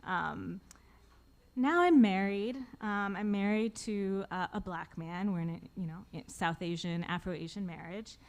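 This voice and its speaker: A woman's voice: medium pitch, unhurried. A woman in her forties, an author telling a personal story live to an audience with wry, self-deprecating humor, often laughing at her own jokes.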